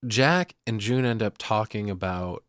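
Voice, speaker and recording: A man's voice: fairly low pitch, a little slow, a bit bright, smooth, no room sound, studio quality. A man hosting a podcast, recapping a horror film in casual, profane chat and laughing often. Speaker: podcast host.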